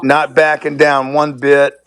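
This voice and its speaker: A man's voice: fairly high pitch, monotone, unhurried, a bit bright. A man calling into a live talk show, arguing his point with blunt, profane emphasis and repeating words for stress. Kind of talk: heated casual debate. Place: remote call from a resort.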